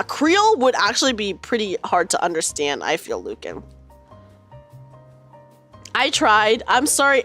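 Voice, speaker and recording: A woman's voice: a little high, a bit bright. A woman from the United States streaming a casual chat, giggling as she reads out and answers her viewers' chat.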